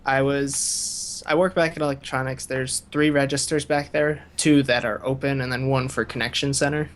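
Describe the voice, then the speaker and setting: A man's voice: mid-range voice, steady tone, moderate pace. A young man co-hosting a casual chat, telling work stories in a rambling way, full of restarts and laughs. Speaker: podcast co-host.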